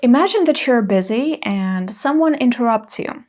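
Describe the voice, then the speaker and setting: A woman in her thirties teaching an English lesson, speaking clearly and carefully and acting out example phrases. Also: on the high side, animated, moderate pace, darkish tone.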